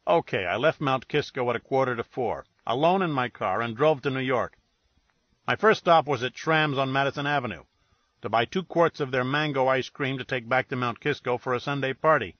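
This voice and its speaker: Man doing a brash, breathy baritone tough. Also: a little fast, dry recording, lightly acted. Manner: blunt, crude and combative. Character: blunt, brash middle-aged man with a sore jaw. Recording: dull lo-fi recording.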